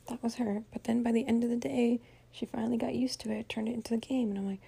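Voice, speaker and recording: Tired, chatty woman with a mellow, husky voice. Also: on the high side, little pitch movement, fast talker. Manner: chatty, venting, many "like" fillers, swears. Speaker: podcast host. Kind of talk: casual spoken diary. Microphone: home voice recording.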